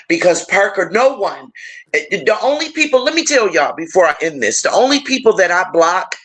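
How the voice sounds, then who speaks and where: A woman's voice: mid-range voice, fairly bright tone. A woman hosting a casual livestream, chatty and emotional, talking to viewers directly. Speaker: livestream host.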